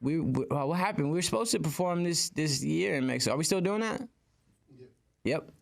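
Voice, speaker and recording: A man's voice: on the high side, expressive, brisk, vocal fry. A man in his twenties from Southern California, a guest chatting loosely in a podcast interview and rambling with lots of fillers. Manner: laid-back, rambling with many fillers and restarts. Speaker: guest rapper. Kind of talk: casual interview chat.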